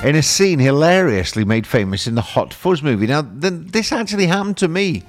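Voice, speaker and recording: Lively male radio host. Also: a little high, a little fast, faint music behind. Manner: chatty storyteller, self-mocking, repeats words. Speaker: radio breakfast show host. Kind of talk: casual on-air banter and anecdote.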